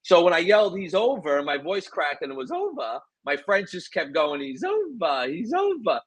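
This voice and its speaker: A former pro wrestler telling stories in a relaxed interview, animated and boastful. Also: male voice, on the high side, moderate pace, no echo, rough recording. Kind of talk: casual interview storytelling.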